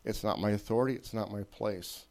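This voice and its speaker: Male preacher, warm low-key tone, chatty sermon with repeated emphatic lines. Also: brisk, vocal fry. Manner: conversational, repetitive emphatic phrasing, checks in with listeners. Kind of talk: informal sermon.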